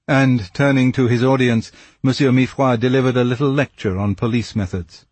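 Male audiobook narrator, husky voice, dry close sound, even measured reading. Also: lowish voice, dry recording. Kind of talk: scripted narration.

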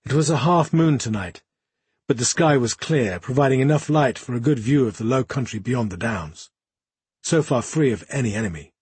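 A male audiobook narrator reads fantasy prose in a steady, measured way, at a middle pitch for a man. His voice is husky and breathy. The sound is close and dry, with no echo at all. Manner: measured, even storytelling.

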